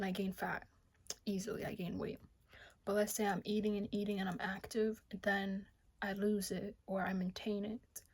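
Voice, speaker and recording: A young American woman talking casually to her vlog camera, a bit out of breath, often dropping to a soft half-whisper. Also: mid-range voice, breathy edge. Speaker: vlogger. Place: home kitchen.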